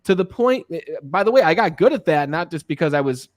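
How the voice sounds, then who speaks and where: Host, male, higher-pitched voice, lively anecdotal delivery, dry close-miked sound. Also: quick pace, dry recording. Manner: animated, anecdotal, often asks "right?". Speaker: podcast host and sales coach. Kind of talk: casual interview chat.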